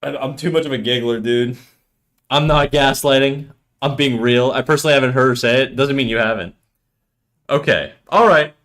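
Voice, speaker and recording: A man in his thirties chats casually with viewers as he draws on stream. He jokes around and laughs easily, in a relaxed, teasing way. His voice sits at a middle pitch. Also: moderate pace. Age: 30s. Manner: joking, playful, often laughing. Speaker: livestreamer. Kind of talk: casual chat with viewers while drawing.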